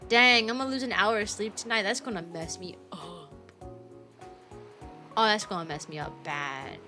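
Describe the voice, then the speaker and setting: A woman's voice: medium pitch, normal speed, music in the background. A young woman, chatting casually on a stream in a bubbly, rambling, playful way.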